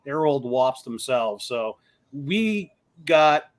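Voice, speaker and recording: A man telling lively stories in a casual chat and acting out the people in them. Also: medium pitch, slow pace. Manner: animated storyteller, acts out quoted voices. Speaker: co-host.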